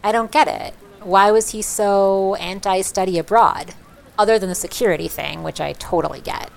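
A woman's voice: medium pitch, normal speed, creaky. A woman interviewing in conversation, curious and probing.

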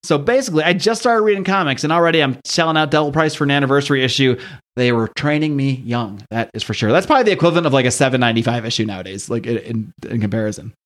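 Fast-talking man recapping comics. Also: medium pitch, animated, a bit bright. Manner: chatty, laughing retelling. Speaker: podcast host. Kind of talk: casual chat recapping a comic.

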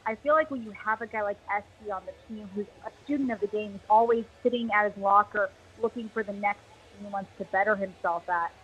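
A woman's voice: mid-range voice, a little fast, fairly bright tone, dull audio. A woman talking baseball as an analyst on a pregame radio show, chatty and self-deprecating. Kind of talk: casual sports chat.

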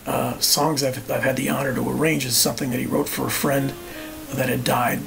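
Older male guest, arranger type, animated storyteller, gravelly edge. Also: medium pitch, a little fast, music in the background. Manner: animated storyteller, acts out quoted voices. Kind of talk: storytelling in a podcast interview.

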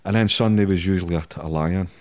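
A man's voice: sits low, fast talker, no room sound, clean studio sound. A middle-aged man with a Scottish accent, telling stories as an interview guest in a blunt, sweary, chuckling way. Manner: blunt, heavy swearing, chuckles through anecdotes. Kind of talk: casual storytelling.

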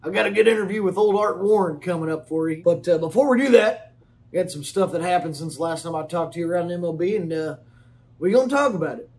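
A man with a slightly higher-than-usual voice hosts a sports podcast, talking in loose, folksy banter. He rambles through a comedic rundown of the news and swears casually as he goes. He keeps tossing in little asides to the listener. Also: quick pace, darkish tone. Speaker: podcast host.

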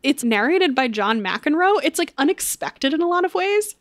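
A woman's voice: sits high, sing-song, normal speed, no echo, studio quality. A young woman co-hosting a podcast, chatting in an upbeat way with lots of casual fillers. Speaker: podcast co-host. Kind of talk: casual chat with ad read.

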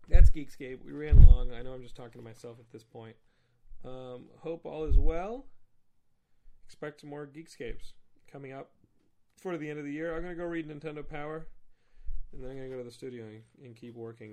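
A man's voice: mid-range voice, fairly even intonation, quick pace, darkish tone. A man hosting a solo podcast, chatting in a casual, nostalgic way with self-mocking asides. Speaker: podcast host.

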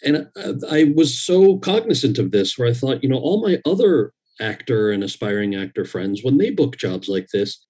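A man, an actor, telling a personal story in casual, animated talk and quoting others in dialogue. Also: mid-range voice, moderate pace, hardly any pauses, slightly rough.

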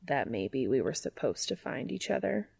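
A woman reading fan fiction aloud and voicing an earnest, soft-spoken young man in a deep, quiet, formal tone. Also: sing-song, normal speed, vocal fry, breathy edge, no echo, full character voice.

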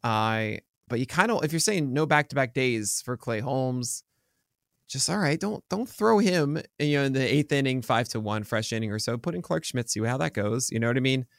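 A man's voice: medium pitch, expressive, moderate pace, gravelly, no room sound, clean studio sound. A man co-hosting a casual sports podcast, chatty and rambling with many fillers and restarts. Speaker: podcast co-host.

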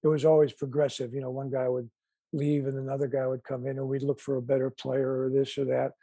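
Older guy with a chicago accent, mellow raspy voice, rambles and restarts a lot. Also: medium pitch, level tone, quick pace, no echo. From Chicago, USA. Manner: rambling storyteller with many restarts. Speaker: guest musician. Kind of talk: casual interview chat.

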